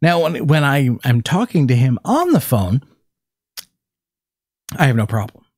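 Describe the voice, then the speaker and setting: A man's voice: mid-range voice, very animated, unhurried, no room sound, studio quality. A man casually chatting and teasing on a live craft stream. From North Carolina, USA. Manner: joking, teasing. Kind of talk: casual chat.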